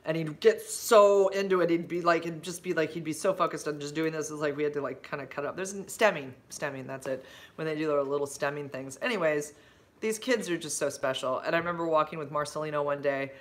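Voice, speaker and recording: A woman's voice: low-pitched, brisk. Chatty rambling woman livestreaming from her phone. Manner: rambling and chatty, full of fillers and side-tracks; effusive, with big bright jumps when excited. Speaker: livestreaming vlogger and substitute teacher. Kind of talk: casual livestream chat, answering viewer comments.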